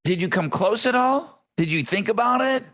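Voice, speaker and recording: A man's voice: sits high, lively intonation, normal speed, fairly bright tone. A man co-hosting a podcast, bantering easily in casual chat about sports and his partner's stories. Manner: easygoing banter, cheering his sports team. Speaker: podcast co-host.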